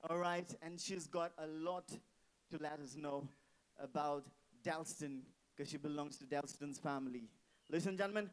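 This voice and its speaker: A man's voice: sits high, fairly bright tone, low-quality recording. A man acting as the MC at a wedding reception, hyping the crowd on a handheld mic and repeating his phrases. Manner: hypes the crowd, repeats phrases, calls for noise. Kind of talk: live wedding reception hosting. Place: indoor reception hall. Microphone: handheld microphone.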